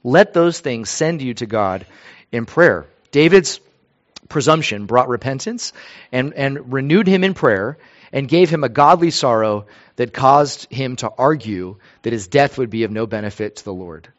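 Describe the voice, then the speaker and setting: A man's voice: mid-range voice, expressive, measured pace, lo-fi sound. A man preaching a sermon in an earnest, emphatic way, repeating phrases for weight.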